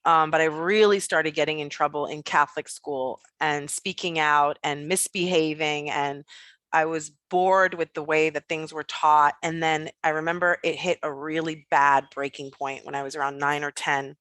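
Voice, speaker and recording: A woman with a bright, forceful voice tells a personal story as an interview guest. She is blunt and animated and swears without pause. The sound is close and dry. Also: low-pitched, no room sound. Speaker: guest, business coach.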